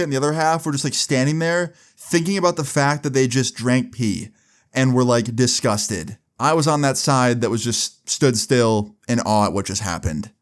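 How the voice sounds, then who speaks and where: A young man telling a storytime vlog in a casual, profane way, with lots of filler words. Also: mid-range voice. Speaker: vlogger.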